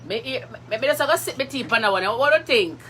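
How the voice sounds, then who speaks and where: A woman with a Jamaican accent hosting a live stream, chatting with viewers in a lively, laughing way and slipping into patois. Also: on the high side, brisk, slight background noise. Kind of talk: casual live chat with viewers.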